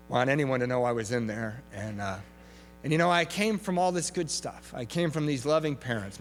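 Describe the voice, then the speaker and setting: Candid man testifying in a big hall. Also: medium pitch. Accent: Southern Californian. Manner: candid, self-mocking, halting restarts. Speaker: recovery meeting speaker. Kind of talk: personal testimony talk. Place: large convention hall. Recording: hall echo, faint hum.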